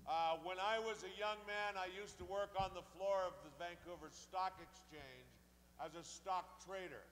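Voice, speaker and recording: A man's voice: sits high, normal speed, fairly bright tone, in a large hall, slight background noise. A Canadian voice actor telling a story on a convention panel, demonstrating as he talks. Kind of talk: anecdotal panel talk.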